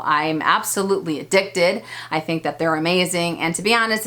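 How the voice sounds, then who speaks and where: A woman's voice: fairly low pitch, a bit bright. A woman in her thirties giving a casual, chatty product review as a vlogger, enthusiastic and full of fillers. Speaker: beauty vlogger.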